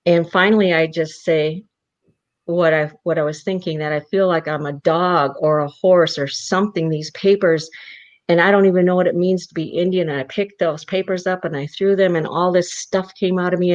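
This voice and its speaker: A woman from South Dakota, a guest on an interview show, telling a personal story and acting out the voices of the people in it. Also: fairly low pitch. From South Dakota, Rosebud Reservation. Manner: animated storyteller who acts out the voices in her anecdotes. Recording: muffled lo-fi audio.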